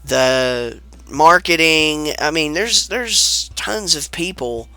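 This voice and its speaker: A man's voice: on the high side, lively intonation, takes it slowly, bright, forceful tone, smooth, no echo. A man with a sick-sounding voice, giving laid-back, rambling commentary over a video game, swearing casually. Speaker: let's play commentator.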